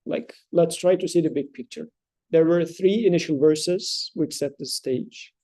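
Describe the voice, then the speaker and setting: A man teaching scripture to a small study circle, his voice slightly high yet deeply mellow and dark. He explains in a thoughtful, halting way, with fillers and restarts, and chants verses between his comments.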